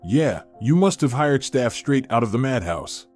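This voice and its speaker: A man's voice: mid-range voice, very animated, moderate pace, darkish tone, soft background music. A sneering, scheming businessman, as a male narrator puts him on. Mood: mocking. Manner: sneering and contemptuous. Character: scheming, mocking middle-aged male business partner.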